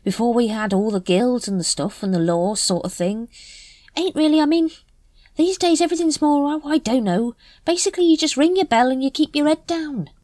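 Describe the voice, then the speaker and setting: A woman voicing a shifty, scruffy older male night watchman who mutters evasively in rough slang. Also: high voice, moderate pace, a little mellow, no room sound, clean studio sound, voice pushed up, close to an everyday voice. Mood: grumbling.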